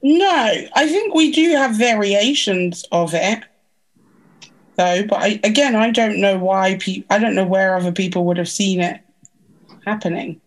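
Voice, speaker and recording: A woman's voice: medium pitch, measured pace, low-quality recording. A young woman co-hosting a casual family podcast, teasing and giggling. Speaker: podcast co-host.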